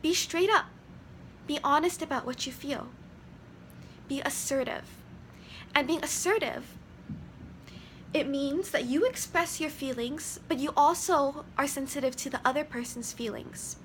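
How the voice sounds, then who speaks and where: A woman's voice: high-pitched, measured pace, long pauses, a bit bright, a little hiss or hum. A woman in her twenties, earnestly explaining ideas from her studies in a casual vlog. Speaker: vlogger.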